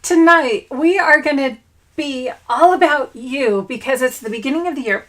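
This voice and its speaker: A bubbly, high-pitched middle-aged woman chatting casually on a craft livestream from her home craft room. She greets viewers by name and whoops with excitement. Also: unhurried. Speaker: scrapbooking livestream host.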